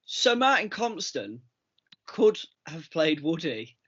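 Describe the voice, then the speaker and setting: A man co-hosting a podcast, chatting casually and excitably with lots of restarts and repeated words. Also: on the high side, slow pace, background noise. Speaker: podcast co-host. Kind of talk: casual chat. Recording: muffled lo-fi remote audio.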